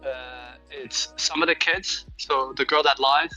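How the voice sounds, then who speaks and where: A man's voice: mid-range voice, fairly even intonation, measured pace, pushed and bright, faint music behind, rough recording. A man on a video call chatting casually as a stream guest, stammering and repeating words. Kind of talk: casual chat.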